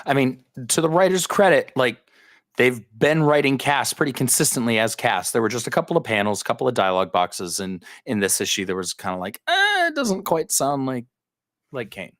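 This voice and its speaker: Man, mid-pitched voice, comic podcast co-host, measured hedging talk, dry call audio. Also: sing-song, a bit bright, dry recording. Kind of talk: casual comic book discussion.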